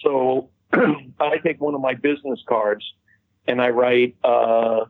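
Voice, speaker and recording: A man's voice: medium pitch, level tone, slow pace, dry recording, narrow, tinny audio. A man casually telling a long anecdote as an interview guest, chatty and swearing freely. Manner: chatty storyteller, swears freely, laughs at his own punchlines. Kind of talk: casual anecdote over a call.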